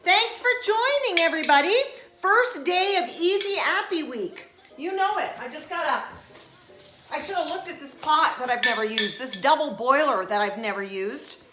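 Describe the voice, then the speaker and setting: A woman's voice: sits high, expressive, normal speed, pushed and bright, echoey room. A woman hosting a casual live stream from her home kitchen, talking playfully and greeting viewers by name.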